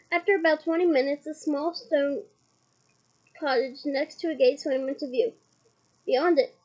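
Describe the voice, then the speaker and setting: A woman's voice: sits high, a little mellow, dull audio. A woman from Scotland reading a novel aloud chapter by chapter, with chatty asides between passages. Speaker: book reader.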